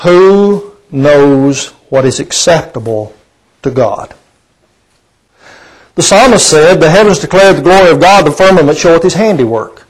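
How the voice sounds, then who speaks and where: Folksy preacher man, slightly high voice. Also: expressive, measured pace, rough recording. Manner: asks the congregation rhetorical questions; conversational, folksy preaching with fillers. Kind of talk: sermon.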